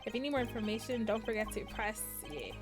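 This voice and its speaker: A woman's voice: on the high side, animated, fast talker, music in the background. A woman streamer giving playful, giggly let's-play commentary and reading game text aloud. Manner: playful, giggly, swings into loud character voices.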